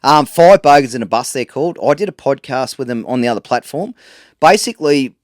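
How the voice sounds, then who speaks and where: A man's voice: medium pitch, expressive, a little fast, dry recording, clean studio sound. An Australian man co-hosting a podcast, yarning in a rambling, laid-back way with plenty of fillers. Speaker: podcast co-host. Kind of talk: casual chat.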